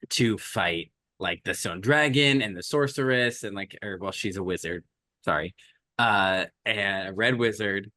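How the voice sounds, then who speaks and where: Lowish-voiced, this man co-hosts a podcast and rambles animatedly through a film's plot, voicing the characters' quotes and filling it with frequent "likes." It's studio quality, with no room sound.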